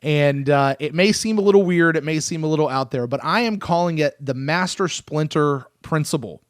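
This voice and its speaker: Animated male podcast host, dry close mic. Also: fairly high pitch, moderate pace, no echo. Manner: excitable, animated, self-interrupting. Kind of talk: casual sports podcast chat.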